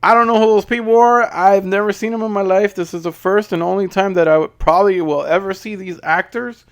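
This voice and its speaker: Male horror reviewer, slightly high voice, casual, blunt, swears, rambling restarts. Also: steady tone, a little fast.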